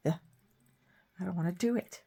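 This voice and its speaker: A woman with a cold and a hoarse throat, chatting casually while she shows a painting craft. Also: on the low side, moderate pace, mellow. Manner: chatty, rambling, self-deprecating. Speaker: craft vlogger. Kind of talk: casual painting tutorial chat.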